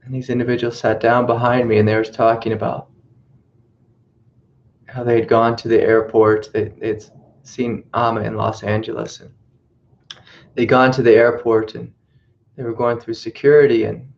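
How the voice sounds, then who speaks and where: A male spiritual teacher tells a story during a reflective teaching talk, circling back over his own phrases at a normal speed. His voice is very flat and even in pitch, with vocal fry and frequent pauses, and the audio is muffled and lo-fi like an old webcast.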